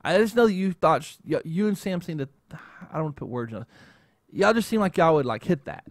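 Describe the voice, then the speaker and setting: Host type: male, slightly high voice, rambling and chatty, dry close mic. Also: lively intonation, fast talker, no room sound. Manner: rambling, keeps adding "okay?". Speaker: show host. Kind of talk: casual chat.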